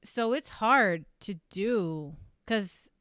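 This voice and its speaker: Rambling woman streamer, smooth dry voice. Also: mid-range voice, lively intonation, very slow, a bit bright, dry recording. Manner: rambling, with many fillers and self-corrections; reads viewer comments aloud. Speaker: streamer and voice actress. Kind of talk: casual livestream chat.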